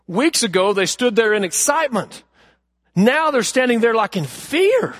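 A man preaching a sermon, telling a story earnestly and asking the congregation questions, moving from loud emphasis to hushed lines. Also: very high voice, big pitch swings, normal speed, no echo, clean studio sound. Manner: addresses the congregation directly with questions. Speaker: pastor.

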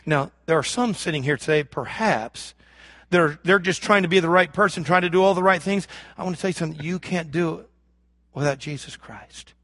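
A man preaching a sermon as pastor, swinging from loud emphasis to hushed lows and acting out imagined prayers. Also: fairly quick, no echo, clean studio sound. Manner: acts out imagined prayers and voices of the congregation.

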